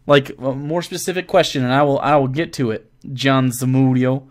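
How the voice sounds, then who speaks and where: A man's voice: medium pitch, fairly quick, few pauses. A man streaming live and casually answering his chat, joking, teasing and swearing. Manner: joking and profane, teasing viewers.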